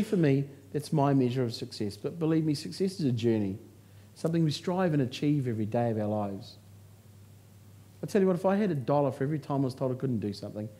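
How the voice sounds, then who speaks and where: A man's voice: a little high, a little mellow. A man giving a motivational speech to a live audience from a stage, telling his story with humour and punchy lines. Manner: humorous, punchy storytelling with jokes. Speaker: motivational speaker.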